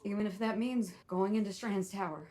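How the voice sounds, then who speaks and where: An actress playing a worried young woman survivor in a TV drama, speaking quietly and earnestly. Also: medium pitch, steady tone, fairly quick, crowd noise, natural voice.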